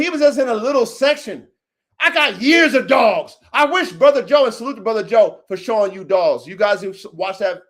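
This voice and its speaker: High-voiced man ranting and shouting. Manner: swaggering, profane, repetitive, bursts into shouting. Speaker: podcast host and dog breeder. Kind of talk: boastful podcast rant.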